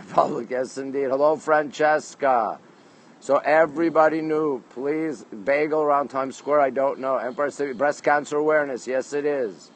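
This low-quality recording, with slight background noise, captures a medium-pitched Canadian man livestreaming casually from a city rooftop at night. He reads comments aloud into his phone and greets viewers by where they're from.

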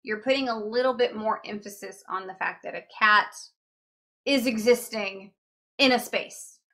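A woman teaching a beginner language lesson in a chatty manner, explaining grammar with examples and repeating words slowly. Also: mid-range voice, fairly bright tone.

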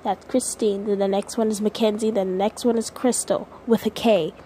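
A woman's voice: medium pitch, fairly even intonation, moderate pace, mellow, slight background noise, rough recording. A woman vlogging casually at home to her viewers, nervous and rambling, close to tears. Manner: nervous and rambling, with many restarts and sighs.

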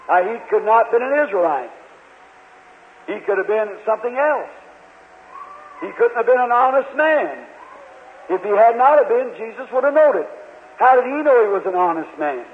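High-pitched guy preaching in a big church hall, earnest, kinda phone-thin old tape with faint hiss. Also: expressive, phone-quality sound. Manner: earnest storytelling, quotes characters, halting restarts. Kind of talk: sermon.

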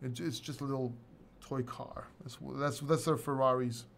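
A man's voice: medium pitch, steady tone, normal speed. A middle-aged man hosting a casual livestream chat, rambling, swearing and laughing often. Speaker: host.

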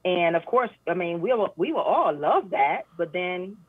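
A woman guest talking earnestly in a casual interview chat, often animated and full of fillers. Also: lowish voice, unhurried, slightly rough, no echo. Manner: earnest, animated when retelling, many fillers. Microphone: phone call. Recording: tinny phone line.

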